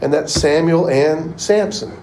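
A man's voice: on the high side, unhurried, a little mellow, a little hiss or hum, poor audio. A man teaching a casual Bible class, chatty and rambling. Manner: chatty, rambling, uses "y'all".

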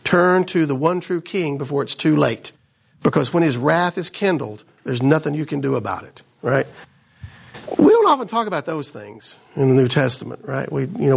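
Man, casual sermon, gravelly voice, a bit high-pitched, conversational. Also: a bit bright. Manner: conversational, keeps asking "right?". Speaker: Bible teacher.

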